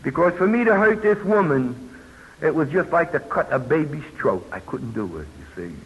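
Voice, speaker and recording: Husky and expressive, the voice of an older man from New York sits fairly high and moves at a moderate pace. He is telling his story as personal testimony at a recovery convention, plainspoken and full of folksy asides. The tape is old, muffled and hissing.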